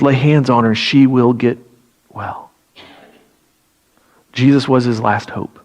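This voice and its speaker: A man, a pastor, preaching a sermon as animated storytelling, acting out pleading voices and often repeating and restarting phrases. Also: mid-range voice.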